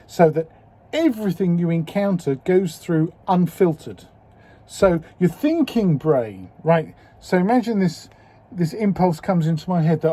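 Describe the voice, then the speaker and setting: Husky fifty-something guy, dark voice, talks slow and frank into his video diary. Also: high voice, animated. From England. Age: 50s. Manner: slow, reflective and candid, with strong swearing. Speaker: video diarist.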